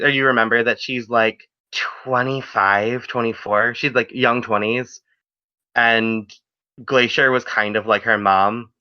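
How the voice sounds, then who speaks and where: A man's voice: mid-range voice, smooth. A man narrating a tabletop game as game master, in a casual, rambling storytelling way, on a dull lo-fi recording. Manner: lively, casual storytelling with fillers.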